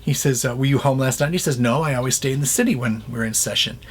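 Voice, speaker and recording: A man's voice: medium pitch, fast, slightly rough. A man reviewing a classic film in a chatty way, retelling scenes and acting out the lines.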